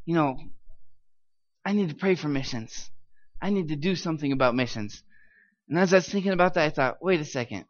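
A man with a high voice gives a lively, encouraging talk to a live crowd, getting them to repeat after him and praising them often. The recording is a bit muffled and lo-fi, like a live talk taped in a church. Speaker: missions speaker. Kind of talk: live talk with audience call-and-response.

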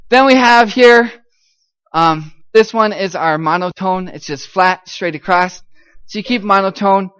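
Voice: medium pitch, a little slow, fairly bright tone, clear, resonant tone. A missionary giving an upbeat church talk to a live audience, teasing them kindly and singing out syllables to demonstrate the tones.

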